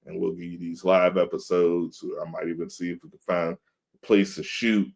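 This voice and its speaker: A man's voice: sits low, flat delivery, normal speed, darkish tone. A man in his thirties, co-hosting a podcast in casual chat, telling laid-back stories and acting out quotes. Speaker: podcast co-host. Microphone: video call.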